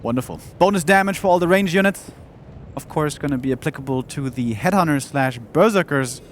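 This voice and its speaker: A man commentating a live strategy game match, calmly explaining play and tactics. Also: a little high, a little fast, a little hiss or hum. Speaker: esports commentator. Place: event studio.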